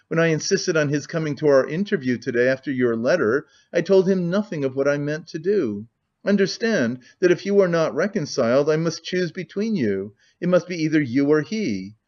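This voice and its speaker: A man's voice: a little high, a little mellow, highs cut off, voice pushed up, natural voice. A man voicing an earnest, proud young woman who speaks with feeling.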